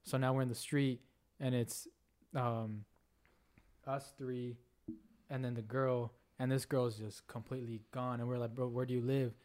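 A young man co-hosting a casual podcast, telling a party story in an animated way, swearing a lot and acting out what people said. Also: mid-range voice, unhurried, long pauses. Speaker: podcast co-host.

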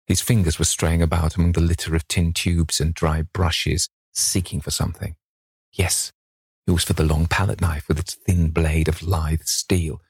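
A man with a deep, husky voice narrates a classic novel in a measured, expressive way. The recording is dry and close, with no room sound. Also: no room sound. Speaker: audiobook narrator. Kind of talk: scripted narration.

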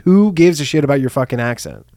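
A man's voice: medium pitch, animated, quick pace, dark tone, no echo. A man from Canada, co-hosting a comedy podcast with dry, profane one-liners. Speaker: podcast co-host. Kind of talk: casual comedy podcast chat.

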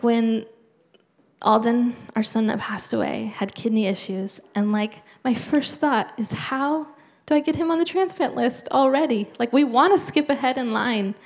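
A middle-aged woman giving an earnest, conversational sermon, often trailing off into soft near-whispers. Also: a little high, vocal fry. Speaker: preacher.

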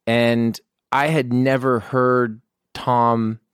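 A man chatting casually as a podcast guest, talking about acting work in a relaxed, rambling way and laughing easily. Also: mid-range voice, extremely slow, clean tone, dry recording, clean studio sound. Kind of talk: casual chat.

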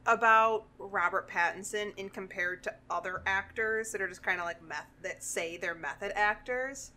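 A young woman co-hosting a casual chat, blunt and excitable, swearing freely. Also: mid-range voice, moderate pace. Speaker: podcast co-host.

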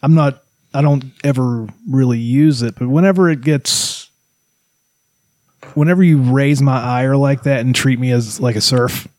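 A man's voice: mid-range voice, a little slow, a little mellow, no echo. A man co-hosting a casual podcast who talks with dry, sardonic humor. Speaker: podcast co-host. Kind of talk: casual chat.

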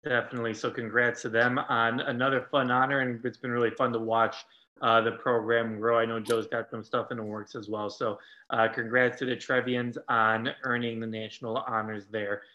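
Male podcast host, bright forceful tone, dull lo-fi sound, casual and full of fillers. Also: mid-range voice, moderate pace. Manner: frequent ums and uhs, relaxed. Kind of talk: casual sports podcast chat.

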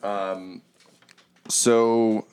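Deep-voiced man running a tabletop game. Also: level tone, very slow, darkish tone, clear, resonant tone. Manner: hesitant, full of ums and uhs. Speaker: game master.

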